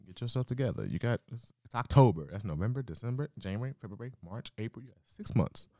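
Animated, teasing young man chatting. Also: mid-range voice, quick pace, dry recording. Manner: playful, teasing, slips into voices. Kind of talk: casual chat.

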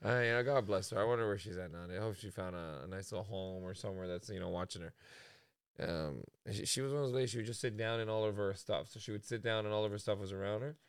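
A man from Canada co-hosting a casual podcast, telling stories in a lively way and swearing freely. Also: lowish voice, fast, clean tone, no echo, studio quality. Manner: storytelling, animated, swears freely. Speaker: podcast co-host.

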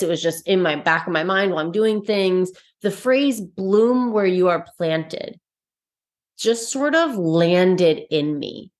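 Earnest lower-voiced woman podcast host. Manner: earnest, reflective, with frequent fillers and restarts. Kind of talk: casual solo podcast talk.

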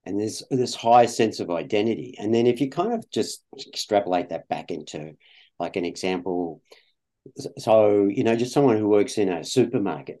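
A man's voice: fairly low pitch, animated, moderate pace, dark tone. An Australian man, a guest in an interview, talking in a rambling way with many fillers and restarts. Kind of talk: conversational interview.

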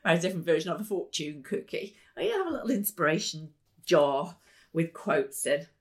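Upbeat woman giving a talk. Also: a little fast. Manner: upbeat, laughs often, bursts into high excited exclamations. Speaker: speaker. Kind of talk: motivational talk to a live audience. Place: business meeting room.

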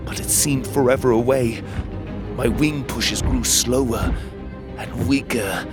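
A man narrating a children's fantasy adventure in the first person, reading at a measured, steady pace. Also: medium pitch, over music. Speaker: storyteller.

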